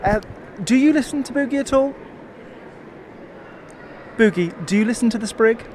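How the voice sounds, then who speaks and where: A man's voice: very high voice, moderate pace, a little mellow, a little hiss or hum. A man presenting at an outdoor motor event, bantering in a jokey showman tone. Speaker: video presenter.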